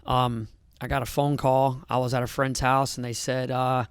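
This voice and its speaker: A man who coaches at a gym, telling a story in casual podcast chat, animated, swearing and saying "dude" a lot. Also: medium pitch, moderate pace, hardly any pauses, smooth, no room sound, clean studio sound.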